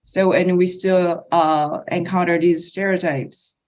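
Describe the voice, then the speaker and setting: A woman from Okinawa, a guest on a podcast panel who explains her points in a thoughtful, measured way. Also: on the low side, fairly even intonation, a little mellow. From Okinawa, Japan. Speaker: guest speaker.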